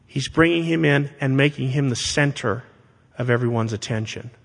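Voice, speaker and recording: In a hall with long reverb, a man preaches at a medium pitch with noticeable vocal fry. His delivery is deliberate and emphatic, punctuated by rhetorical questions to the congregation.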